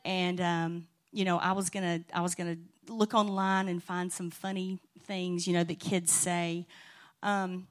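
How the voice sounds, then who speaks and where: A woman's voice: fairly low pitch, little pitch movement, a little slow. A woman telling funny stories to a church congregation in a chatty, laughing way. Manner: chatty and warm-hearted, laughing often. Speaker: church speaker. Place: church sanctuary.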